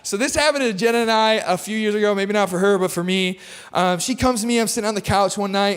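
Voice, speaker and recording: Young guy preaching, jokey stories, highish voice, big echoey church hall. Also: fast talker, fairly bright tone, clean tone. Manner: casual, storytelling, self-deprecating humor. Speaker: guest preacher. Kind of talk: sermon with personal stories. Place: large church auditorium. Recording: long hall reverb.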